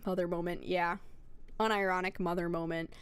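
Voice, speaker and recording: A woman's voice: on the low side, level tone, a little fast, smooth. A young woman VTuber streamer chatting casually with her audience, rambling and swearing as she talks. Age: young adult. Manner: rambling, profane, talks straight to chat. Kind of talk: casual livestream chat.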